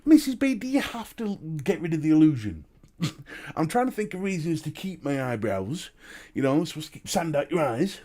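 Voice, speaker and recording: A man's voice: a little high, sing-song, normal speed, dark tone. A man with a Northern English accent hosting a casual live stream, chatting and greeting viewers and laughing often. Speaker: live-stream host and vape reviewer.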